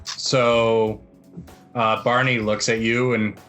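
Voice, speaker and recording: A man running a tabletop role-play game as game master, calling for rolls in a calm, measured way. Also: fairly low pitch, soft background music.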